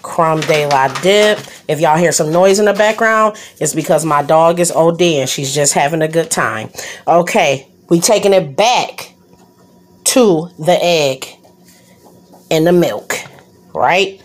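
Slow-talking playful woman cooking. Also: lowish voice. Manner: playful sing-song rhyming chatter, keeps addressing viewers as y'all; excitable and unscripted. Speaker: home cook and channel host. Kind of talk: casual cooking vlog narration.

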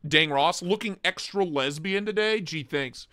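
Livestream host guy, kinda high voice, loose and profane, reads chat names out. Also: unhurried, bright, forceful tone, no echo, studio quality. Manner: profane, joking, greets chat by name. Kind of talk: casual live chat.

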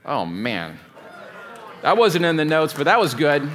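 Speaking fairly high and a little fast with a fairly bright tone, this pastor delivers his sermon like a conversation, wandering off on tangents and reworking sentences as he goes. Slight background noise is audible.

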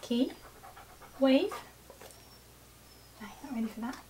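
On a casual how-to vlog, a dog trainer talks to her viewers and gives her dog short commands followed by cheerful praise. Her voice sits on the high side, holding a steady tone at a slightly slow pace. A distant mic picks up clear background noise.

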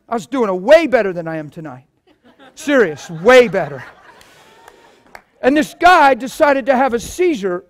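Guy preaching with a high voice, telling stories, goes from quiet mumbling to yelling. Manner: animated storytelling, swinging from low murmurs to shouting. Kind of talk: sermon with testimonies.

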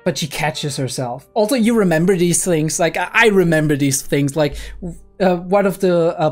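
A young woman hosting a casual anime reaction, talking in an excitable, rambling way and swearing freely. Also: low-pitched. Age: young adult.

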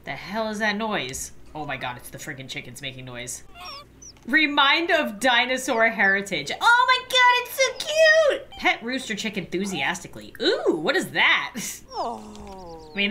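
A woman commentating as she plays a life sim game, excitable and squealing at cute animals while cracking playfully dark jokes. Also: mid-range voice, normal speed, slight background noise. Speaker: gaming YouTuber.

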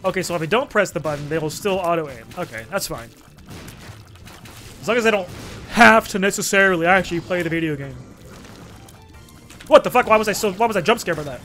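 A young man with a high, bright voice narrates his gameplay in a jokey, rambling way. He swears freely, jumps between mock threats and self-mockery, and bursts into sudden shouts. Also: lively intonation, brisk, pauses often, faint music behind. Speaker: gaming commentator. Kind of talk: let's play commentary.

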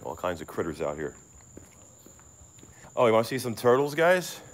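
A sweaty middle-aged man livestreams from his phone by a pond at night. He rambles, gets excited and swears freely. Frogs and insects chirp behind him. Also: lowish voice, moderate pace. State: sweating in the heat. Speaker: live-streamer. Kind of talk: casual live-stream chat outdoors at night.

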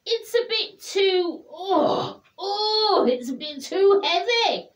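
A woman's voice: extremely high pitch, expressive, slow, voice pushed up, exaggerated voice. A woman voicing a lonely young male bear cub who begs for hugs in a pleading, sing-song voice.

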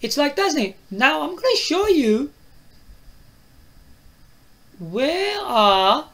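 Slow, animated man demoing a phone. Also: extremely high pitch. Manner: asks the viewer questions, tags lines with "right?" and "yeah?". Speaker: phone reviewer. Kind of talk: product demo to camera.

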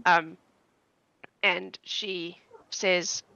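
A woman game master narrating a tabletop adventure, chatty and wandering, often groping for the right word. Her voice is bright and forceful, the sound dry and a bit dull, like lo-fi online audio with faint music behind. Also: mid-range voice, moderate pace, dry recording. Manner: rambling, chatty, searching for words.

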